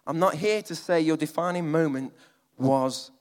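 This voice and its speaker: A man preaching a sermon, moving between loud emphatic lines and quiet, almost whispered ones. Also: fairly high pitch, normal speed, long reverb tail.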